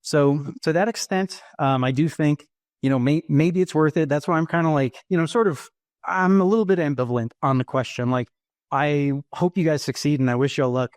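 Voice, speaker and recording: A man's voice: on the high side, brisk, a little mellow, no echo, studio quality. A man in a casual online group discussion, speaking from a gym, a little out of breath, rambling and hedging with lots of ums and you-knows. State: slightly out of breath. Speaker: discussion participant.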